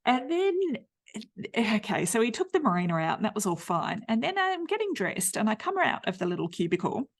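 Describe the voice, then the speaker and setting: A woman's voice: medium pitch, big pitch swings, a little fast. A woman in her fifties with an Australian accent, telling her own story as a podcast host in a candid, chatty, blunt way full of fillers. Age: 50s. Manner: blunt and slangy. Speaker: podcast host, menopause nutritionist. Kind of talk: personal storytelling monologue.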